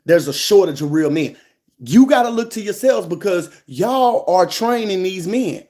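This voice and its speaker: A man with a high, bright-pitched voice speaks. He delivers a fiery, preachy monologue to his live audience, hammering points home by repeating them. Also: expressive, moderate pace. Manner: emphatic, repeats lines for stress, fiery preaching cadence.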